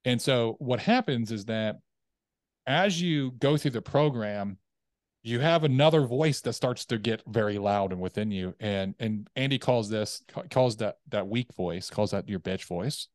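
Low, dry-voiced man telling stories. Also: a little slow, no echo. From United States. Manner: animated storytelling, acts out inner voices. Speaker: podcast guest, coach. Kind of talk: casual interview chat.

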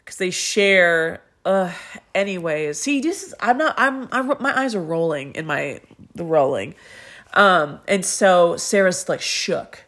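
A woman's voice: lowish voice, unhurried. A woman co-hosting a podcast, chatting casually and animatedly as she retells a story, swearing freely and slipping into the voices of the people in it. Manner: animated, swears freely, acts out quoted characters. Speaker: podcast co-host.

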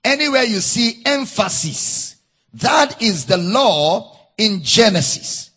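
A preacher with a Nigerian English accent teaching from the Bible, reading verses in a singsong way and repeating key phrases for emphasis. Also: male voice, high-pitched, sing-song, slow pace, sharp tone, breathy edge.

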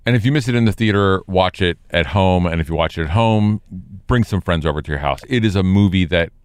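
A middle-aged man co-hosting a casual movie review chat, measured and rambling, often interrupting himself. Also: deep voice, clear, resonant tone, dry recording, clean studio sound. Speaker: podcast co-host.

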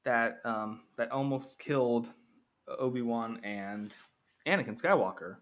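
A man's voice: medium pitch, unhurried. A young man casually comparing two films, rambling, correcting himself and tossing in jokey asides. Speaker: film reviewer. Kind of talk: casual spoken commentary.

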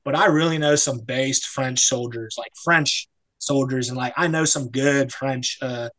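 A guest on a casual podcast, the young American legionnaire still in service talks a little slowly with a fairly bright, mid-range male voice. The recording is rough, and he's blunt, swears a lot, and rambles with many fillers.

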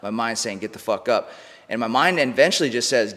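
A man's voice: mid-range voice, lively intonation, brisk, a bit bright. A man, a podcast guest, telling a personal story in a casual, slangy way, swearing freely and saying "bro" and "like" a lot. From United States. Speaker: podcast guest, mindset coach. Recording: long room reverb.

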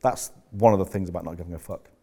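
Blunt business coach, very low voice, swears freely, rambling. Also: male voice, fast, dark tone, breathy edge. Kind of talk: candid coaching talk to members.

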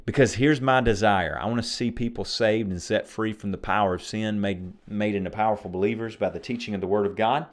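Guy preaching on his faith podcast, kinda low voice, fired up then chatty and jokey. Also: steady tone, fairly quick, hardly any pauses.

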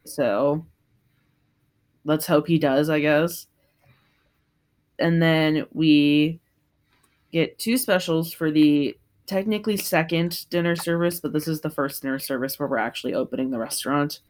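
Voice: medium pitch, steady tone, normal speed. A podcast co-host recapping an episode in casual chat, laughing often and swearing freely.

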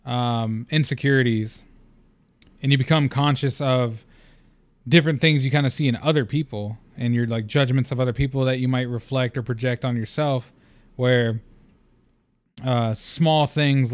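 A man's voice: mid-range voice, steady tone, moderate pace, smooth, no room sound. A young man hosting a solo podcast, talking in a loose, rambling, candid way with lots of fillers and casual swearing. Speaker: podcast host.

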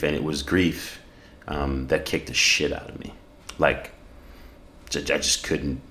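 Very deep-voiced man telling a story. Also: a bit bright. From South Africa. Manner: earnest, reflective, with many fillers and restarts. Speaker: podcast guest. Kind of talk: storytelling in casual conversation.

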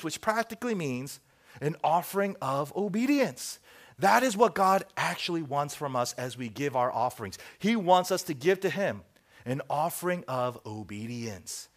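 Middle-aged guy pastor preaching, slightly high voice, swings up and down a lot, acts out the little scenes. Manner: animated storytelling, acts out dialogue, drops to soft asides. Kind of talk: sermon.

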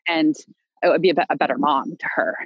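A woman's voice: low voice, fast talker, slightly rough, no room sound, dull audio. A young woman speaking as a podcast guest, telling a personal story in a loose, rambling way full of fillers, restarts and light laughs. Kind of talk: casual conversational storytelling.

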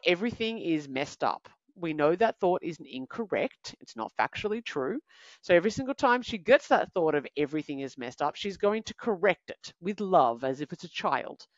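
Woman, podcast host, motivational coaching, numbered steps, lively pitch, dry slightly muffled audio. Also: no echo. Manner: emphatic, coaching, recaps in lists.

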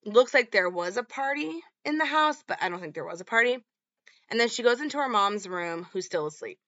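A woman's voice: on the high side, lively intonation, fairly quick, fairly bright tone, no room sound, dull audio. A woman hosting a podcast, recapping a horror film in a casual, chatty way full of "like" and "um". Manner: chatty, lots of "like" and "um". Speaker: podcast host.

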